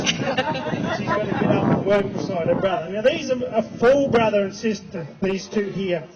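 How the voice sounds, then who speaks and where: A man's voice: high-pitched, heavy background noise. A man with an Australian accent giving a joking, chatty horse training demonstration in an outdoor arena. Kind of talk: live arena demonstration with commentary. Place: outdoor arena at a race track. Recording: lo-fi with loud outdoor ambience.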